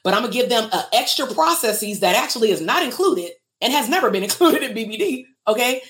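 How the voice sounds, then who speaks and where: A woman's voice: on the high side, lively intonation, quick pace, fairly bright tone. A woman, a therapist and business coach, talking candidly and emotionally to viewers on a livestream and asking them to comment. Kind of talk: casual livestream talk to viewers.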